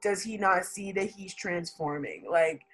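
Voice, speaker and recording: A woman giving a casual tarot reading to camera, chatty and excitable, laughing often and talking in slang. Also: fairly low pitch, a little slow, soft background music. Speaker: tarot reader.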